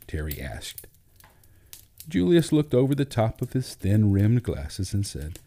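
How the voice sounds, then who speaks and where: A man narrating a storybook in a measured, gentle reading. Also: fairly low pitch, big pitch swings.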